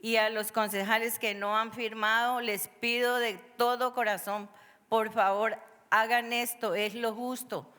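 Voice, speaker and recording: A woman's voice: a little high, flat delivery, normal speed, fairly bright tone. A woman pleading passionately with council members during public testimony. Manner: impassioned, pleading. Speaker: public commenter. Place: large council chamber. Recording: long hall reverb.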